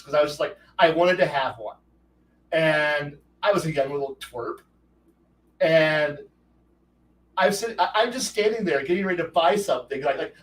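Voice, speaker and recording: A man hosting a stream, telling a casual rambling story with many restarts and lively quoted dialogue. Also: on the high side, far from the mic, low-quality recording. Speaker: streamer host.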